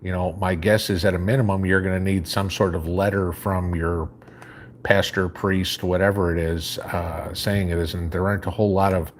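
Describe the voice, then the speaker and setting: This casual live chat features a very low-voiced man with a slight Chicago accent, streaming from his home at normal speed. He reads out comments from viewers and replies in a loose, meandering manner while a faint hum sits under his speech.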